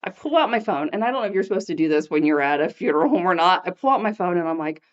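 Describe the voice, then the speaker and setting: A middle-aged woman hosts a faith podcast, speaking at a racing pace in a fairly low voice, with the highs cut off in the audio. She chattily tells a personal story as an animated storyteller, acting out the voices of the people in it.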